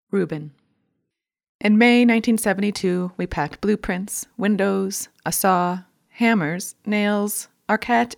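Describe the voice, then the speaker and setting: A woman with a low, gravelly voice reads a memoir essay aloud. Her delivery is measured and deliberate, and she slows down over each list.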